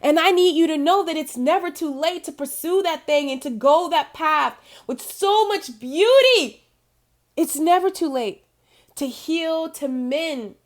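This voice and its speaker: A woman with a high voice talks straight to the camera as a spiritual guide. She is emphatic and encouraging, repeats her key phrases for weight, and laughs often between thoughts. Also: a little slow. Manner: laughs often while talking. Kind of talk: motivational talk to camera.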